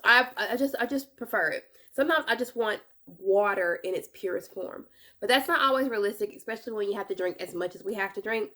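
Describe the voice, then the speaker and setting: A young woman giving casual advice in a chatty, animated vlog, correcting herself with playful asides. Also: mid-range voice, brisk. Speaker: vlogger.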